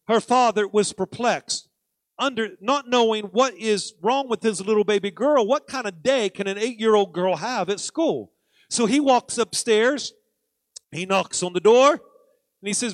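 High-voiced emphatic preacher man. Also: a little slow, fairly bright tone, no room sound. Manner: emphatic, repeating key words and building in intensity. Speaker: pastor. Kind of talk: sermon. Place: church sanctuary.

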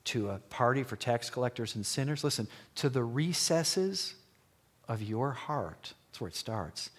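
A man preaching a sermon in church, retelling a story in an animated way that swings between loud and hushed. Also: mid-range voice, slightly rough.

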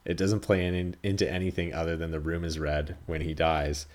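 A man hosting a podcast reviews a film in casual, rambling chat, swearing freely and acting out dialogue. His voice sits low with a darkish tone, a level delivery, and a fairly quick pace.

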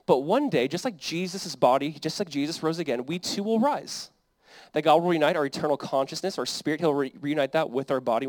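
A man's voice: on the high side, dry recording. A young adult man, a pastor, preaching a sermon in an earnest, conversational way that builds to emphatic peaks.

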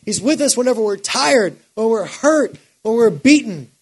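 A man preaching a sermon, swinging from quiet, measured lines up to impassioned shouting. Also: extremely high pitch, animated, husky. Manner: builds to impassioned shouting, then drops quiet.

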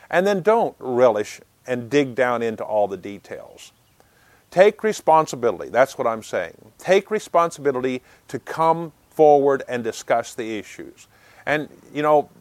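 A man's voice: medium pitch, no room sound. A man speaking earnestly and plainly, giving advice on resolving conflict, with frequent small restarts. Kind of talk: unscripted advice talk.

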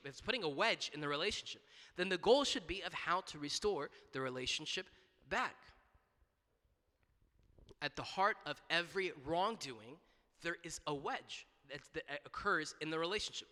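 Bright-voiced man preaching in an echoing church. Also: fairly high pitch. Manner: conversational, frequent restarts and repeated words, asks "right?". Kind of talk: sermon.

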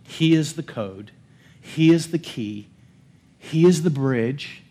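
A man's voice: a little high, lively intonation, takes it slowly, warm tone. A pastor giving a sermon in a church, talking conversationally and asking his congregation questions. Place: church sanctuary.

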